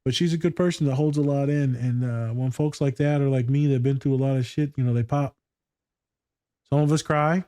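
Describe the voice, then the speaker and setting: A man's voice: mid-range voice, fairly even intonation, brisk, dark tone, clear, resonant tone, no echo. A man chatting casually as a podcast co-host and school therapist, telling stories in slangy, profane talk. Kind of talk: casual chat reacting to a TV scene.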